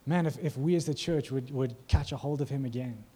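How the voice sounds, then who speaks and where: Warm, husky-voiced male preacher. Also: mid-range voice, brisk. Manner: conversational, asks the congregation questions. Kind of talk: sermon.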